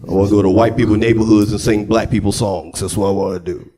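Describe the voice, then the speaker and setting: A man performing a loud, profane live stand-up set on a club stage, jumping into shouted high voices for his characters. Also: fairly even intonation, quick pace, slightly rough. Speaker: stand-up comedian. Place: comedy club stage before a laughing crowd. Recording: live club room with crowd. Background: audience laughter.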